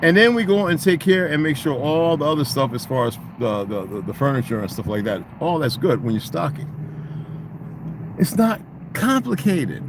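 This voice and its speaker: A middle-aged man in a casual, profane rant, swinging into loud, mocking quotes of other people. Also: on the high side, very animated, normal speed, noisy background. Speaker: vlogger.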